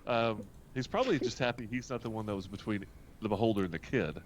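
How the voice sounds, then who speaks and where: A man running a tabletop game as game master, laid-back and animated as he narrates and makes rulings. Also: lowish voice, fast, a little hiss or hum.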